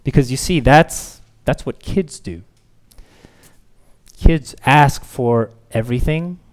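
A man in his thirties preaching a sermon, a father who tells stories and acts out his children's pleading with lively rises in pitch. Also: slow. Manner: animated storytelling, acts out children's pleading voices. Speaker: pastor.

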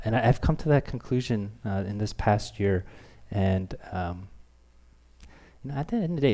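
A man's voice: medium pitch, darkish tone. A man in his thirties, a pastor preaching a sermon, talking candidly and self-deprecatingly, with playful acted quotes.

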